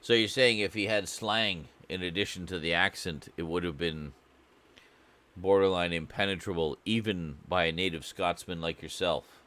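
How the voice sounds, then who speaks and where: Low-voiced joking Canadian man. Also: fairly bright tone. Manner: joking, rambling, quick to laugh. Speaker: reaction video host. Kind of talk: casual chat reacting to a clip.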